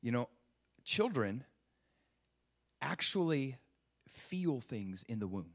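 Man, pastor, sermon, lively pitch swings, emphatic, rhetorical questions. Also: slow pace.

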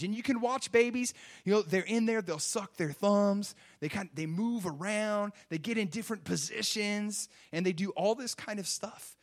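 A man's voice: high-pitched, moderate pace. A man preaching a sermon, emphatic and full of rhetorical questions. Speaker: pastor.

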